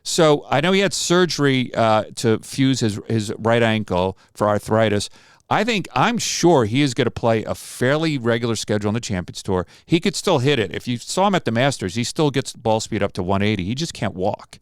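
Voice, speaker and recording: A man who runs a charity golf tournament, telling an animated story and acting out the lines of the people in it. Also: medium pitch, normal speed, clean tone, no room sound, studio quality. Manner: animated anecdote-teller, acts out quoted dialogue. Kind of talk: recorded interview storytelling.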